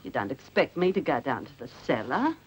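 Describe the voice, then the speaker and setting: A woman's voice: a bass voice, sing-song, brisk, breathy edge, heavily acted. An actress playing a clinging, reproachful widowed mother in a 1960s TV drama. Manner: reproachful, wheedling. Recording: dull 1960s TV audio with faint hiss.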